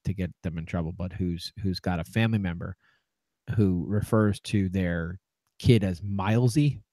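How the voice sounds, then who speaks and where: A man's voice: low-pitched, normal speed, warm tone, dry recording. A man co-hosting a casual sports podcast, who reads aloud and laughs often as he talks. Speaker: podcast co-host.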